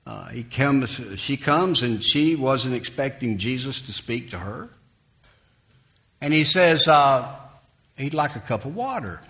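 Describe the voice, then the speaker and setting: A man's voice: mid-range voice, unhurried. A man preaching a sermon, emphatic and dramatic, voicing the people in the story as he retells it. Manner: lively, emphatic preaching, rising loud for quoted lines.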